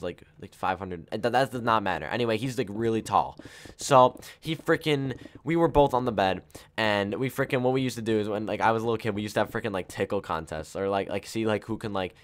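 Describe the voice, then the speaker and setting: A young man casually telling a personal story while playing a game, rambling with many fillers and self-corrections. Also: on the low side. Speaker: gaming YouTuber.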